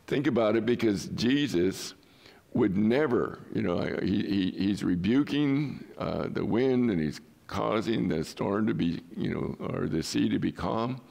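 A male pastor preaching with an emphatic, questioning delivery and well-placed pauses. His low voice has a gravelly fry and swings widely in pitch. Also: a little mellow. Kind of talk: sermon.

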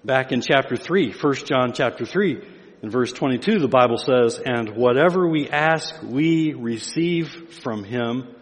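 A man's voice: medium pitch, measured pace, big-room sound. An older man preaching a sermon as pastor, with emphatic build-ups on key phrases.

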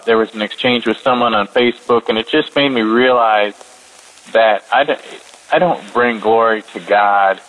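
Man with a low, hesitant voice. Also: low-quality recording. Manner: soft-spoken, hesitant, many fillers. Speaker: caller. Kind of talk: casual voicemail testimony.

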